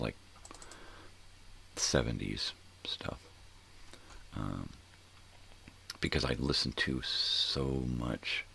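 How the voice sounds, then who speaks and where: Slow, gravelly older man rambling. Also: rumbling low, sharp tone, slight background noise. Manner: rambling, thinking aloud, trailing into mumbles. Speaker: host. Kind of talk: casual morning show chat.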